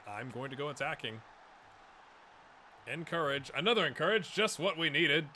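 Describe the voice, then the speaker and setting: A man talks through his football management game in a casual, self-mocking way and keeps cheering his players on. His voice is very bright and sits a little high. He speaks close to a desk microphone. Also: animated, normal speed, pauses often, a little hiss or hum. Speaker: gaming YouTuber.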